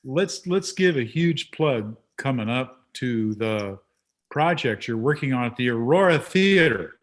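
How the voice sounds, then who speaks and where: Chatty male host, animated storyteller. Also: medium pitch, unhurried. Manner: chatty, animated when telling stories. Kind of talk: casual interview chat.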